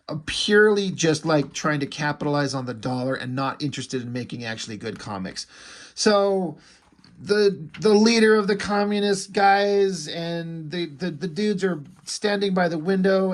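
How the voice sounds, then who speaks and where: A man reviewing a comic in a casual, profane rant, mocking what he reads. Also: on the high side. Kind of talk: casual ranting commentary.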